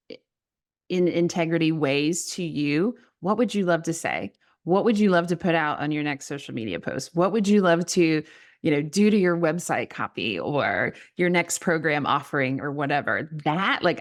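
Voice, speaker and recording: A woman with a Southern American accent, a writing coach talking earnestly on a podcast, musing and laughing softly as she speaks. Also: sits low. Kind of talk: reflective podcast conversation.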